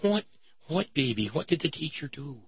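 A man putting on a doting, churchy parent who coos over a child in syrupy baby talk. The voice is a little raised and creaky. The sound is dry. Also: fairly high pitch, very animated, moderate pace, dry recording, muffled recording, voice pushed up, heavily acted. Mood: cooing. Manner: sugary, fussing baby talk.

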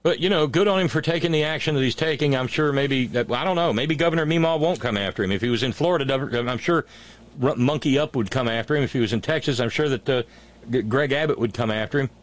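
Sarcastic, indignant male talk host. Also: mid-range voice. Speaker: radio show host. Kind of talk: radio talk commentary.

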